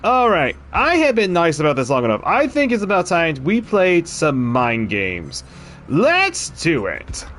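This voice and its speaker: A male game streamer talks his choices through in a relaxed, rambling way, laughing often. His voice is slightly high and very animated, rising and falling a lot. A faint hiss sits under the recording. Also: a little slow. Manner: chatty, thinks aloud, frequent laughs. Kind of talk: casual gameplay commentary.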